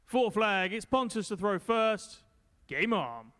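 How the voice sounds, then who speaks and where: Darts referee guy calling scores, high and sing-songy, faint hiss behind. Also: lively intonation, takes it slowly, a bit bright. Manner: announces scores in a ringing, rising call.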